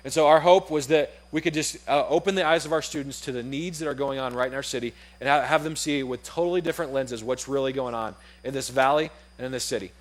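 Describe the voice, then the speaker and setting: A young adult man preaching a sermon in a casual, animated way, acting out the voices in his story. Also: medium pitch, quick pace, few pauses.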